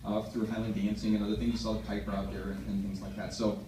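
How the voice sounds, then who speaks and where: A man's voice: on the low side, little pitch movement, fast, warm tone, slight background noise. Middle-aged guy fumbling thru a wedding toast intro, echoey hall, far from the mic. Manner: hesitant, lots of filler words and restarts. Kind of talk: wedding reception speech.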